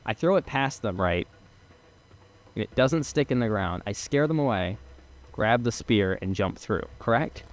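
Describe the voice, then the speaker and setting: A young man giving casual let's-play commentary as a gaming streamer, chatty and excitable, swearing and laughing as he plays. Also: lowish voice, unhurried.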